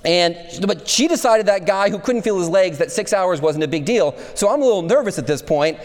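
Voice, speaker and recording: A man's voice: high-pitched, animated, brisk. A man preaching a sermon, first telling a personal story and then lecturing in a conversational way. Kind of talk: chapel sermon. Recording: long hall reverb.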